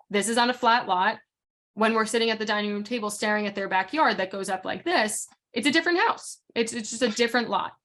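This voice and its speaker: A frank woman coaches real estate agents in a casual group session. She talks in quick bursts with fillers and restarts, at a middling pitch for a woman. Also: a bit bright.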